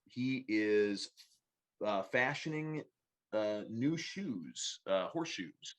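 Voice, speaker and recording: A man narrating a tabletop game as game master, describing scenes with many halting fillers. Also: on the low side, lively intonation. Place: home, online stream.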